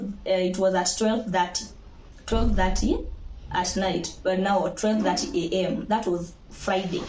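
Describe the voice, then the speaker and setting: A young Kenyan woman with a Kenyan accent, telling her own birth story to viewers in a lively, laughing way and slipping into Swahili. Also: medium pitch, slight background noise. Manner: animated, laughing, mixes Swahili into English. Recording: echoey room.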